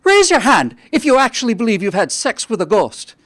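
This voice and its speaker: A man's voice: sits high, huge pitch swings, a bit bright, dry recording, clean studio sound, pitched above the performer's own voice, heavily acted. A man voicing a stern young Irish priest with an Irish accent, preaching indignantly to his congregation. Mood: scandalized. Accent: Irish, put on. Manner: preachy, indignant, drawn-out sermon delivery.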